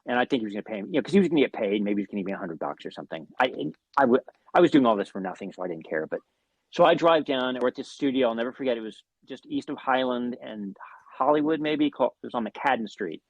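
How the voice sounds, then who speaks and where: A man, a guest musician, telling animated anecdotes in an interview, swearing often and restarting his sentences. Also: medium pitch, fast talker, no echo. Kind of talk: storytelling in an interview.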